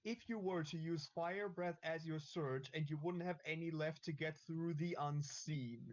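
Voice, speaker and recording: A man's voice: on the high side, normal speed, highs cut off. A man playing a tabletop game with friends, thinking aloud and counting out his moves. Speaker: player. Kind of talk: casual tabletop game chat.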